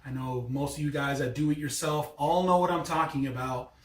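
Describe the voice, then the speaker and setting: A man's voice: a little high, fairly even intonation, fairly quick. A man in his thirties telling a rambling, exasperated story in a casual vlog. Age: 30s. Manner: rambling, exasperated, many restarts. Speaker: car vlogger. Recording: echoey, mic at a distance.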